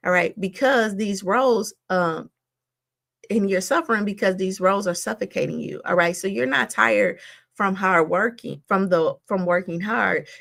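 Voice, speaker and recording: Gravelly-voiced woman coaching listeners. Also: mid-range voice. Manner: coaching, with frequent "all right?" and "right?" check-ins; conversational, warm encouraging delivery. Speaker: host. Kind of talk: motivational talk.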